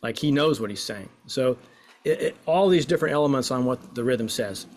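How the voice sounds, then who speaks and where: A man's voice: medium pitch, animated, a little mellow, a little hiss or hum. Man leading a playful voice workshop. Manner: encouraging, playful, drawn-out recitation. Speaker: workshop leader. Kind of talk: guided voice and poetry exercise.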